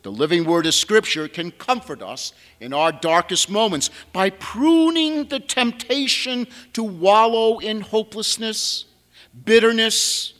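Priest, male, preaching with a lively, bright, rather high voice and an unhurried pace, long church echo. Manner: storytelling with dry humor, emphatic rises on key words. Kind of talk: sermon. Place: large church.

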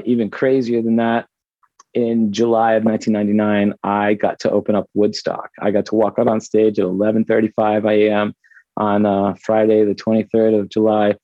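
A man's voice: fairly low pitch, warm tone, no room sound. A man in his fifties, a podcast guest telling stories in a laid-back, rambling way, swearing often and full of fillers. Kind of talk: casual storytelling chat. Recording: dull lo-fi dry audio.

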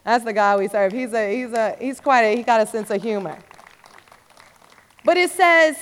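High-voiced fervent woman preacher. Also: moderate pace, pauses often, some chatter behind. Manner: fervent, rising to urgent exhortation. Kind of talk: sermon testimony. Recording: long hall reverb.

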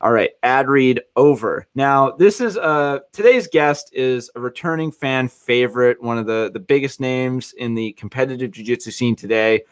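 A man's voice: mid-range voice, clear, resonant tone. A male podcast host in casual, jokey chat. He rambles, stops and restarts his thoughts, and keeps a loose, friendly banter going with his guests.

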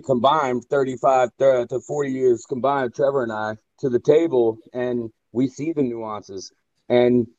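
Male chef guest, halting and blunt, fillers throughout; dull, dead-dry audio. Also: mid-range voice, mellow, no room sound. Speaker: chef and food safety trainer. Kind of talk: casual podcast chat.

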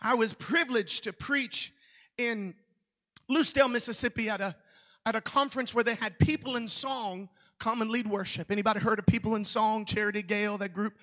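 A man with a Southern American accent preaching a revival sermon in a church, in a preachy cadence that builds to shouting. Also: high voice, fairly even intonation, brisk, big-room sound. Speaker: pastor. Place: church hall.

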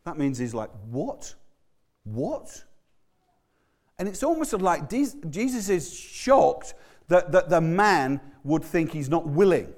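A man's voice: a little high, unhurried. A man preaching a sermon in a loose, conversational way, often stumbling and restarting words as he tells the story. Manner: conversational, animated, stammering restarts. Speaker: pastor.

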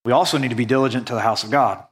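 A man from the United States preaching a sermon, earnest and conversational, slowing down to stress key points. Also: medium pitch, fairly even intonation. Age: adult, went on a mission trip after high school. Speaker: pastor.

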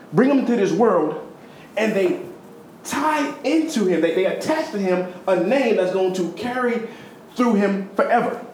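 A man preaching a sermon, retelling a story in a conversational way with sudden high, emphatic stretches and low, quiet ones. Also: reverberant, a little hiss or hum, low-quality recording.

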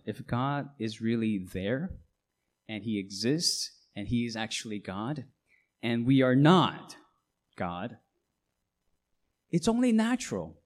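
A man's voice: on the low side, a little mellow. A middle-aged man, a pastor, preaching a sermon with emphatic delivery and frequent rhetorical questions.

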